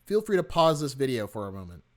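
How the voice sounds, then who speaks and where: A man teaching a software workshop, explaining step by step in a friendly, animated way and stressing key words. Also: medium pitch, quick pace. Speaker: workshop instructor. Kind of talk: screen-recorded software tutorial.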